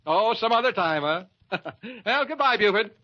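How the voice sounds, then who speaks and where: A man's voice: high-pitched, animated, bright, forceful tone. An actor playing a nervous, scheming young ladies' man in an old radio comedy, stammering and cracking wise. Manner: nervous stammering, quick wisecracks. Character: flustered, scheming young man who is a self-styled ladies' man. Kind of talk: 1940s radio acting. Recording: dull old radio broadcast.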